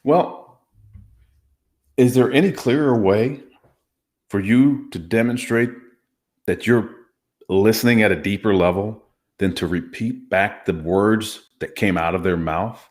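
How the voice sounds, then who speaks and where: Low-voiced man, emphatic instructor. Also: measured pace, long pauses, darkish tone. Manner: emphatic, instructive, demonstrates inflections. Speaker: hostage negotiator guest. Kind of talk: conversational teaching interview.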